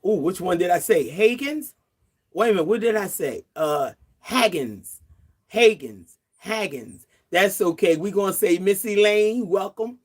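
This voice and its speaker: Woman, 60s, livestream host; casual chatter outdoors, quick to laugh, greets viewers. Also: on the low side, animated, slightly rough.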